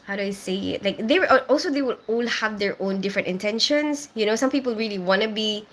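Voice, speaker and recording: Hosting a laid-back live stream, a young woman raised in the Philippines reads out comments from viewers and answers them. She speaks at a quick pace in a medium-pitched voice, chatty and full of fillers.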